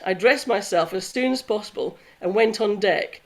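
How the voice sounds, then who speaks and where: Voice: mid-range voice, expressive, fairly quick, creaky, hardly any pauses. A host reading from an old diary aloud and chatting casually, with frequent apologetic asides.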